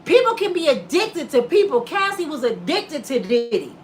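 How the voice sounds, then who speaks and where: A woman's voice: high-pitched, very animated, normal speed, slight background noise. A woman in her fifties who hosts her own vlog and delivers a sassy, preachy comedic rant straight at her viewers. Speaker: vlogger host.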